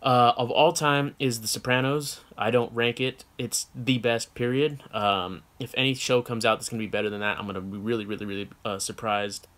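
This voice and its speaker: A man's voice: medium pitch, fairly even intonation, fairly quick, hardly any pauses, fairly bright tone. A man from the United States co-hosting a casual chat show, answering viewer questions in a frank, rambling way with many fillers and self-corrections.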